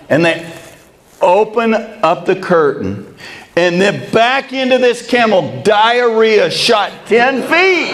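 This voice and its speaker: A middle-aged man, a baseball coach, giving a motivational keynote and telling an animated, comic story with quoted dialogue. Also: high-pitched, takes it slowly.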